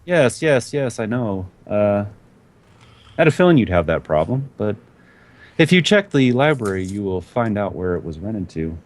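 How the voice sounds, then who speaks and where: A man's voice: fairly low pitch, big pitch swings, normal speed, voice pushed up. A man voicing Anne, a cryptic, evasive woman in a tabletop horror game, with a soothing, knowing manner. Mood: smug. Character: cryptic smooth-talking woman named Anne.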